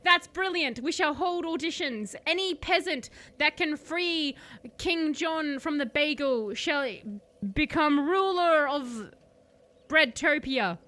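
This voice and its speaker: Excitable sultan voiced by a woman, grand, bright. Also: high-pitched, slow, voice pushed up, full character voice. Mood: excited. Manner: grand, exclamatory. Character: jovial male sultan ruler.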